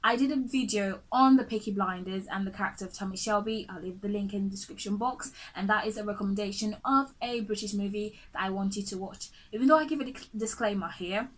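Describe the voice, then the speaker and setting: A woman's voice: medium pitch, low-quality recording. A woman teaching English pronunciation straight to the viewer in an earnest, chatty way, often repeating herself and adding "really" and "guys". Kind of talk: direct-to-camera lesson.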